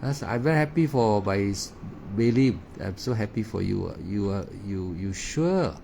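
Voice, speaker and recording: A man gives a meditation talk in halting, non-native English, filling his pauses with "ah" and "uh" and repeating words. His voice is mellow and relaxed. Faint noise sits under the recording. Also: lowish voice, vocal fry. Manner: hesitant, frequent "ah" fillers and repeated words. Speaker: meditation teacher. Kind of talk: Dharma talk.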